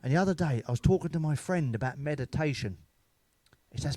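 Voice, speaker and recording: A middle-aged stand-up comedian tells crude, bawdy comic stories in a slightly high, expressive voice. He talks fairly quickly, with a warm tone and no echo.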